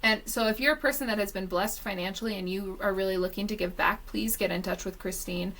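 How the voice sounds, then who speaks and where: A woman hosts a podcast and turns to speak straight to the listeners. Her voice has a gravelly, fry-tinged edge, and her tone is encouraging. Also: medium pitch, fast, fairly bright tone, poor audio. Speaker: podcast host. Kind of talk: casual interview chat.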